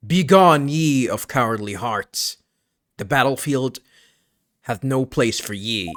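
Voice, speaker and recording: A man's voice: mid-range voice, takes it slowly, a bit bright, a little hiss or hum. A man playing a grim, archaic-speaking samurai prosecutor. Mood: solemn. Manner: archaic, solemn declamation.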